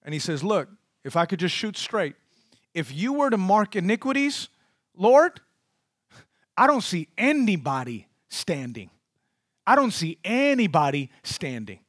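High, bright-voiced preacher, dramatic swings. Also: male voice, very animated, a little slow, no room sound, clean studio sound. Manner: dramatic preacher, swings from loud calls to hushed tones. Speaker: pastor. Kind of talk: sermon.

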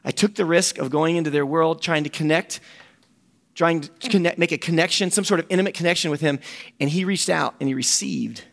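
Earnest preacher guy telling a story, kinda high voice with lots of gravel, repeats himself. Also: a little fast. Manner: animated and earnest, repeats words. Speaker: ministry director and speaker. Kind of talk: storytelling sermon talk.

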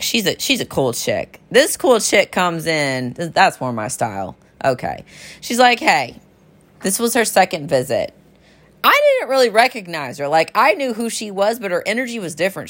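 Low-voiced, enthusiastic woman telling stories. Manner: enthusiastic, chatty, addresses listeners as y'all. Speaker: health practitioner treating patients. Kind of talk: casual storytelling monologue.

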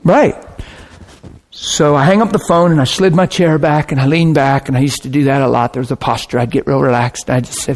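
A man preaching, telling a personal story with lively swings between hushed and shouting moments. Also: mid-range voice, a little fast. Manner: animated, bursts into shouting and laughter. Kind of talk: sermon storytelling.

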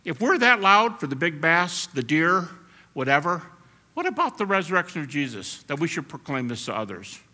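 A man preaching a sermon as pastor, animated and at times shouting as he acts out quotes. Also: fairly high pitch, moderate pace.

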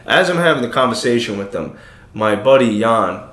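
A man in his thirties co-hosting a podcast, telling stories in a loose, animated way and swearing freely. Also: mid-range voice, normal speed. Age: 30s. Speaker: podcast co-host. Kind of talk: casual chat, storytelling. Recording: echoey room.

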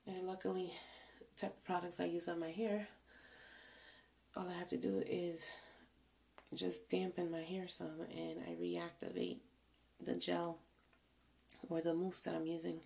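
A tired, out-of-breath young woman talking casually while doing her hair, slowly and softly, often dropping to a whisper. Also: on the low side, level tone, gravelly. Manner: slow, soft, often trailing into whispers. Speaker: vlogger.

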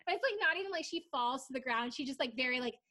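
A woman's voice: high-pitched, quick pace. A young woman co-hosting a casual podcast, telling a reality TV story with lots of swearing and acted-out quotes. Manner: animated storytelling, swears freely, acts out quotes. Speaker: podcast co-host. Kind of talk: casual chat recapping reality TV.

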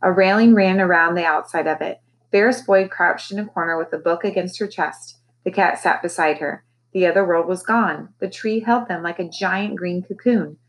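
A woman teacher reading a novel aloud to her class, with expressive, animated storytelling. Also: lowish voice, normal speed, rough recording.

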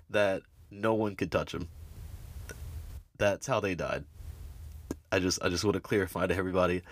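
A man's voice: on the low side, dry recording. Rambling man talking with laughs. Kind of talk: casual comedic monologue.

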